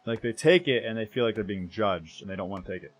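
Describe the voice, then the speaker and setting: A young man from the United States chats casually with viewers while streaming a game, rambling, correcting himself, and trailing off softly. His voice is on the low side, expressive and quick.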